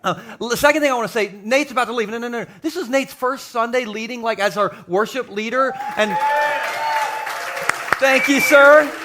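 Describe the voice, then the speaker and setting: A middle-aged man, a pastor, preaching a jokey, animated sermon to a live congregation in a church. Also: very high-pitched, moderate pace, over a noisy crowd, heavy background noise. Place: church sanctuary with live audience.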